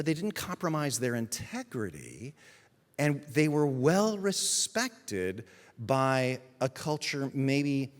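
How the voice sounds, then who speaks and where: A man, the pastor, giving a sermon in an emphatic storytelling manner with dramatic pauses. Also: mid-range voice, long reverb tail. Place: church sanctuary.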